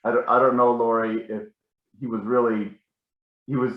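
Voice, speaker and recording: A man's voice: medium pitch, level tone, moderate pace, reverberant, narrow, tinny audio. A man telling rambling, self-correcting stories about a family member at a casual gathering. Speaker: family member sharing memories.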